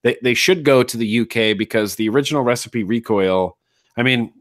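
A man's voice: medium pitch, brisk, no echo, clean studio sound. A man talking as a guest in a casual interview, enthusiastic and repeating phrases for emphasis. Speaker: guest, atomizer designer.

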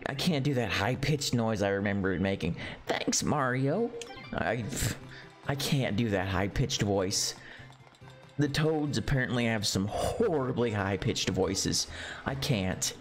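A man live-streaming a retro platform game, chatting casually and reacting with excited, easily delighted commentary. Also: lowish voice, a little slow. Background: faint game music.

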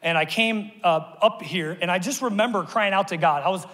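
Male pastor, slightly raised pitch, preaching in a church hall with long reverb; lively storyteller who shouts at peaks and goes hushed in prayer. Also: fairly quick, hardly any pauses. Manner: animated storytelling, voice rising to shouts at peaks, dropping soft in prayer. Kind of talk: sermon. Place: church auditorium.

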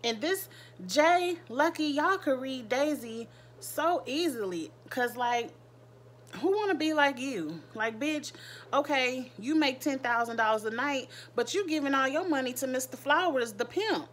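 A woman's voice: high voice, expressive, measured pace, fairly bright tone. Brief: woman vlogger, AAVE, candid and gossipy, crude slang, faint noise behind. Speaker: reality TV recap vlogger. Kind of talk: casual recap commentary.

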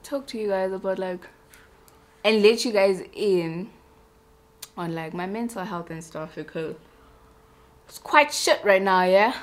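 A woman's voice: mid-range voice, a little slow, long pauses. A young woman, a beauty vlogger chatting casually and self-mockingly while doing her makeup.

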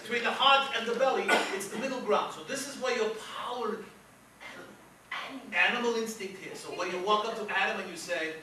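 Male comic as a grandiose mock-mystical psychic, high-pitched, echoey, from afar. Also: brisk, bright, forceful tone. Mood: pompous. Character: pompous self-assured male psychic doctor. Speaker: comedian playing a fake psychic. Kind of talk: live stage comedy bit with volunteer. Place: stage before a live audience. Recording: echoey noisy room, mic far off.

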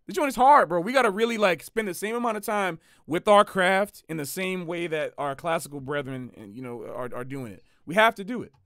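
A man, a jazz musician hosting a livestream, talking in a casual, slangy and animated way and repeating phrases for emphasis. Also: sits high, brisk, few pauses, no echo, clean studio sound.

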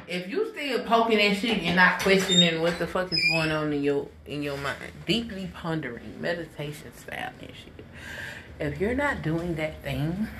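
In a very noisy, echoey room, a woman with a fairly low voice rants casually for a vlog as a spiritual advisor. She's blunt and swears heavily, taking her time and stretching out words for emphasis.

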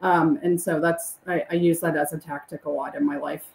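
A woman chatting as an interview guest, animated and acting out excited greetings in a high voice. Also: fairly quick, vocal fry, reverberant, poor audio. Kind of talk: casual interview chat.

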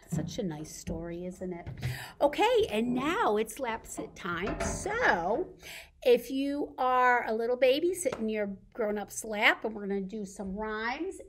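A woman librarian leads a baby storytime with a high, light voice. She talks slowly and gently, in a sing-song, coaxing way meant for small children and their grown-ups. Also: a little hiss or hum. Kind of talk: baby storytime with songs and rhymes.

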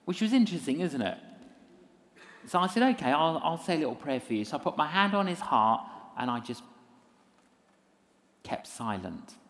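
A minister and evangelist tells a story during a lecture, his voice sitting on the high side at a normal speed with frequent pauses. He is an animated storyteller, poking fun at himself and acting out different voices.

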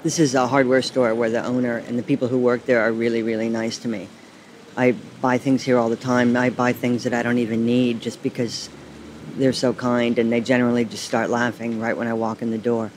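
A man's voice: mid-range voice, level tone, a little fast, slight background noise. A man in his forties with an American accent telling stories in a dry, self-deprecating way, recorded outdoors on a city street. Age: 40s. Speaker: writer, guest. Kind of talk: casual storytelling.

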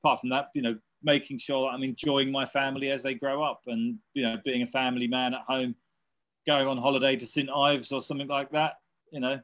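A man in his fifties chats casually in an interview. He rambles and restarts, pads his talk with fillers, and speaks at a middle pitch. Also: little pitch movement, a little fast, a bit bright. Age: 50s. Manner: rambling, many fillers and restarts, laughs while telling stories. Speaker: interviewee, electronic musician. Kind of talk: casual chat.

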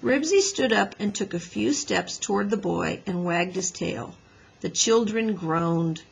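A woman teacher reading a children's book aloud in a lively storybook manner, slightly raspy. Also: medium pitch, measured pace, poor audio.

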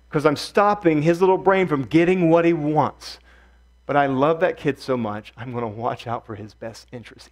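A male pastor giving an earnest sermon, repeating key phrases and swinging from hushed, soft passages to loud emphatic ones. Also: on the high side.

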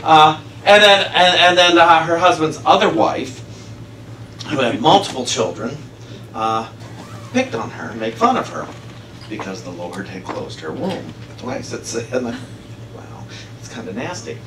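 A man's voice: fairly high pitch, big pitch swings, unhurried, pushed and bright. A man giving a casual, conversational sermon, telling a story with frequent laughter. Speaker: minister. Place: church sanctuary. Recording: echoey hall, far from mic, noisy.

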